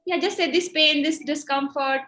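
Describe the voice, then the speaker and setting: A woman's voice: high voice, fairly even intonation, moderate pace, a bit bright, poor audio. A woman with an Indian English accent leading an online workshop, guiding a tapping and breathing exercise in an encouraging, instructive way. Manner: encouraging, instructive, laughs easily. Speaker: workshop facilitator.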